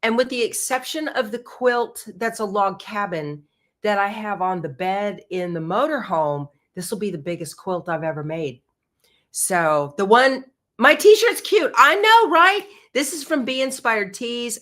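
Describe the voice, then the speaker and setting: A woman's voice: on the high side, fairly bright tone. A middle-aged woman, hosting a quilting livestream in a bubbly, chatty way. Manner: chatty, bubbly, says y'all. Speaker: quilting show host. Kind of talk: casual livestream chat.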